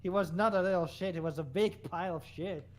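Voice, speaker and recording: A man guesting on a stream, chatting casually and giggling between unhurried remarks. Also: high-pitched. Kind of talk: casual chat.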